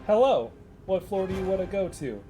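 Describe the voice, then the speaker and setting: A man's voice: high-pitched, sing-song, a little fast, warm tone, faint music behind, pitched above the performer's own voice. A man voicing a polite, confused elevator robot that speaks stiffly and formally.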